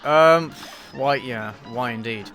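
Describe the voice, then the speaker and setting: A man with an English accent chats offhandedly on a live stream, dry and self-deprecating as he answers viewers. His voice has a bright tone at a middling pitch. Faint music plays underneath. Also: slow. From England. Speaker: YouTube reviewer streaming a game.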